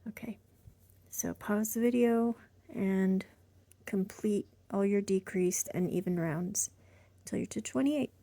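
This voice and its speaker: A woman teaching knitting in an unhurried, soft-spoken way, often slipping into a half-whisper and sounding a little short of breath. Her voice is mellow and gravelly. The sound is close and dry, with no room echo. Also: mid-range voice. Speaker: knitting instructor. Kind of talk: casual tutorial instruction.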